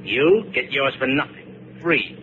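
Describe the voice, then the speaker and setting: A man's voice: medium pitch, expressive, slow pace. A man playing a cruel, gloating smuggler captain who sneers and taunts, in 1950s radio drama. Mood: gloating menace. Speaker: ship captain. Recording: scratchy old radio broadcast, noisy, narrow band.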